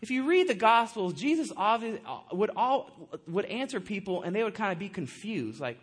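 Guy preaching, pretty high voice, chatty and animated, keeps asking the crowd "right?". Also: moderate pace, hardly any pauses, breathy edge. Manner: animated, conversational preaching with asides to the congregation. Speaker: pastor. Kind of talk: sermon.

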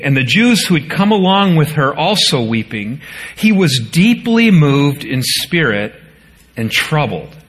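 Preaching from the pulpit, this man lifts his voice into pleading quotations, then drops it to a hushed, low register whenever the point turns solemn.

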